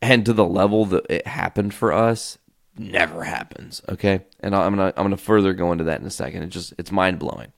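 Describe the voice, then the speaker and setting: Male solo podcast host, low gravelly voice, loose storyteller who swears casually, close mic. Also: brisk, no echo. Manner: animated, tells stories by acting out quoted voices.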